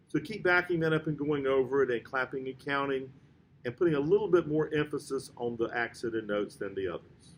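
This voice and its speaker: A man's voice: mid-range voice, brisk, reverberant, heavy background noise. A man giving a trombone lesson, patiently explaining and counting beats and naming notes aloud. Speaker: trombone teacher. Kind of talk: step-by-step music lesson.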